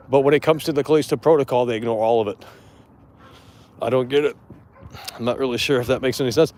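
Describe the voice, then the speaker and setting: A man's voice: medium pitch, fairly even intonation, fast, dark tone. A man hosting a live gaming show outdoors, talking bluntly and profanely in a casual rant.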